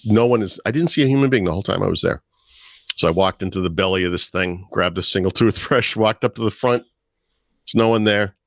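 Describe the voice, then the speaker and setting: A man's voice: lowish voice, brisk, fairly bright tone, no room sound, studio quality. A middle-aged man and podcast co-host, telling wry anecdotes in casual chat. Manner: storytelling, wry, puts on voices in anecdotes.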